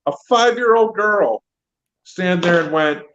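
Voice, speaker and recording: A man telling stories in casual podcast chat, animated and full of "like". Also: high-pitched, a little slow. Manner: animated storyteller, heavy use of "like". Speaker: podcast guest, comedian and wrestling trainer. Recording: dull lo-fi sound.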